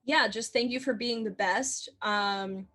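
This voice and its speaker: A woman's voice: mid-range voice, a little slow, bright, forceful tone. A young woman co-hosting a podcast in casual chat, giggly and playful, sometimes trailing into mumbles. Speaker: podcast co-host.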